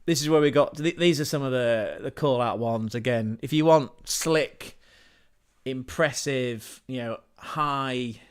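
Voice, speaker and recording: A man's voice: mid-range voice, measured pace, smooth. A man hosting his own livestream in a casual, rambling way, scatterbrained and self-deprecating, often restarting his sentences and chuckling as he digresses. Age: adult parent. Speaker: channel host and livestreamer.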